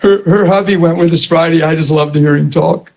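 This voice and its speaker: A middle-aged man preaching a sermon with humorous stories, chatty and animated, often asking his listeners rhetorical questions. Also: fairly high pitch, brisk, vocal fry. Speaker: pastor. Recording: dull lo-fi recording.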